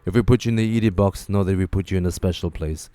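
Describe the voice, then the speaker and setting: A man hosting a talk show, giving joking, animated commentary and repeating his phrases for emphasis. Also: low voice, quick pace, no room sound. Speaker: host. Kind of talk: casual commentary monologue.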